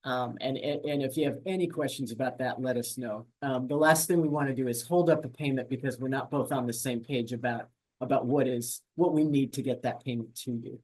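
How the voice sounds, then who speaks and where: Webinar presenter, grants admin staff, fast, filler-heavy, self-correcting. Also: medium pitch, a little mellow. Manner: fast-talking with many fillers and restarts. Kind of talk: webinar screen-share walkthrough.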